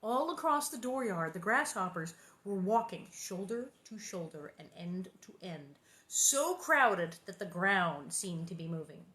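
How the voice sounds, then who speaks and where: A woman's voice: mid-range voice, animated, a little slow, sharp tone. A woman reading a children's book aloud, breaking off for squeamish, jokey asides. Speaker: reader.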